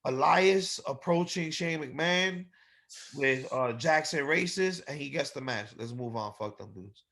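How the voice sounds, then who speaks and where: A man with a high, bright voice talks through a wrestling card in loose podcast chat. He is blunt and animated, swears freely and pokes fun. His tone is sharp and forceful. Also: measured pace. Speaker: podcast co-host. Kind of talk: casual wrestling review chat.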